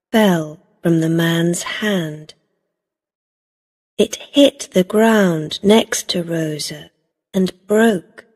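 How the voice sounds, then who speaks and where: Slow, husky woman narrating a story. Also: lowish voice. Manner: steady, even, clearly paced for learners. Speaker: audiobook narrator. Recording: long reverb.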